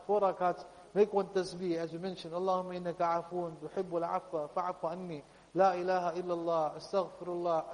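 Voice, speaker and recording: Man, preacher, emotional pleading sermon, high voice, reverberant room. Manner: pleading, emotional delivery, often drops to a soft voice. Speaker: Islamic preacher.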